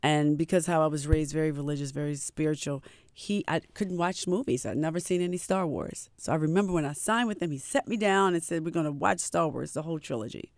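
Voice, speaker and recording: A middle-aged woman from Maryland, a singer chatting as a guest in a casual interview, warm and playful with easy laughs. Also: low voice, quick pace, few pauses, dry recording, clean studio sound. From Maryland, USA.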